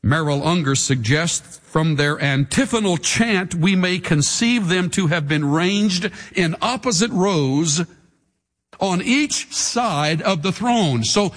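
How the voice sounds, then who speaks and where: A man's voice: high voice, lively intonation, slow, fairly bright tone. A male pastor preaching a dramatic sermon, leading the congregation in call and response. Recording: reverberant hall with faint music.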